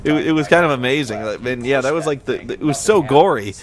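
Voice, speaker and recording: A man's voice: mid-range voice, animated, quick pace. A man giving a casual, rambling film commentary, full of restarts and fillers, often laughing. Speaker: commentary host.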